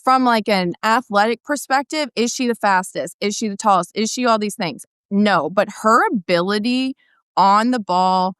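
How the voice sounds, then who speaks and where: A woman's voice: mid-range voice, moderate pace, a bit bright, clear, resonant tone, no room sound, clean studio sound. A woman in her thirties guesting on a chat show, casual and enthusiastic, cursing freely and full of slang. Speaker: guest soccer correspondent.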